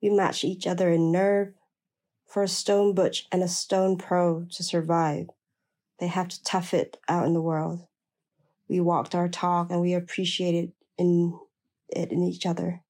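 A woman narrates a first-person memoir in a low, gravelly voice. Her tone is dark and mellow, and her delivery is blunt and plain-spoken. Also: flat delivery, measured pace.

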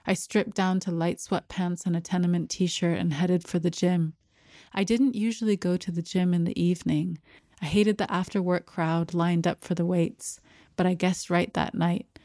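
Low, even-voiced woman narrating. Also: no echo, clean studio sound. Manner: measured, even storytelling. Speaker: audiobook narrator. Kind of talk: scripted first-person narration.

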